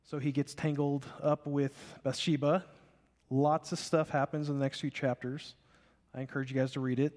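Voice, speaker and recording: Animated male preacher in a reverberant hall. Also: mid-range voice, moderate pace. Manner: animated storytelling, acting out biblical characters. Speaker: pastor. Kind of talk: sermon. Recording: long reverb of a large hall.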